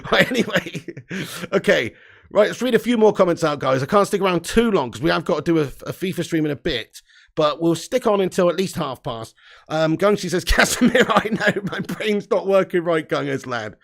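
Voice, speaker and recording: A man's voice: high voice, animated, a little fast, vocal fry. A man hosting a casual live stream, reading out viewer comments and laughing often.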